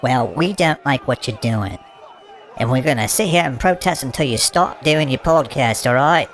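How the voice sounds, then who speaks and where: Man as a crude, stubborn English protester; belligerent, stammers, mid-pitched, comedy sketch. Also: animated, moderate pace, a faint crowd, natural voice. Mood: indignant.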